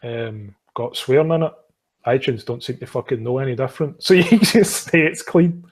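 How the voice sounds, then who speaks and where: Husky man cracking crude jokes. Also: mid-range voice, moderate pace. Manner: crude, joking. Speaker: talk show panelist. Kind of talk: casual chat.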